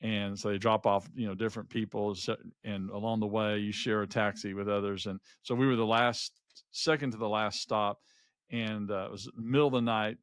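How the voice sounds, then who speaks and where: A man's voice: lowish voice, normal speed, smooth, no echo, clean studio sound. A middle-aged man co-hosting a podcast, telling a personal travel anecdote in casual chat, with many restarts along the way. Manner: rambling anecdotes with frequent restarts and lively quoted voices. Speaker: podcast co-host.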